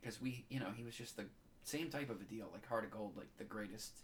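A man's voice: lowish voice, a little fast, slight background noise. A man co-hosting a casual chat, telling a heartfelt story in a rambling way and getting choked up as he talks. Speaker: podcast co-host.

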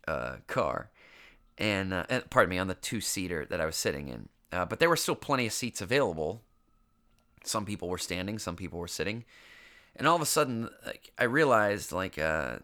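With a lowish, pushed, bright voice, a young man hosts a podcast while still congested from an illness. His stuffy voice carries a casual, rambling story that pokes fun at himself, peppered with swearing.

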